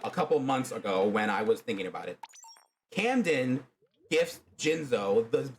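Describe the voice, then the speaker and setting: A man casually telling his own fan story on a stream, rambling with many fillers. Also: medium pitch.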